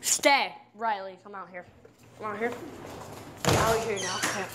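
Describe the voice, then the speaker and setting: A woman's voice: medium pitch, steady tone, unhurried, background noise. A young woman vlogging at home in a casual, playful, teasing way. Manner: playful, teasing trash talk. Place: house, indoors and outside.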